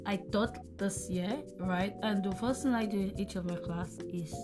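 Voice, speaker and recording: A woman's voice: medium pitch, moderate pace. Hesitant woman co-host, music behind. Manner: hesitant, uses 'like' and 'um', thinks aloud. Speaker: podcast co-host, teacher. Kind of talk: casual podcast chat.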